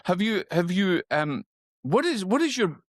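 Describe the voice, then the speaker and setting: A Scottish man hosting an interview, eager and chatty, often restarting sentences and rising in pitch when excited. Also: a little slow, dry recording, clean studio sound. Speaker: host. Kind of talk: casual interview talk.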